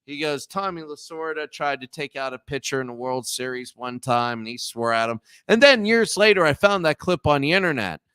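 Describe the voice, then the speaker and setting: A man from Appalachia hosting a show, telling rambling, profane stories and loudly acting out the people he quotes. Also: on the high side, animated, brisk, hardly any pauses, clean tone, no room sound, studio quality. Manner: digressive, profane, acts out quoted voices loudly. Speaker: show host. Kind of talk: rambling storytelling.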